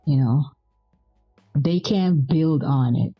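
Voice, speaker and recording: Soft-spoken woman co-host, sleepy voice, muffled dry stream sound. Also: low voice, takes it slowly, slightly rough, dry recording, soft background music. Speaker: livestream co-host. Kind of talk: casual livestream chat.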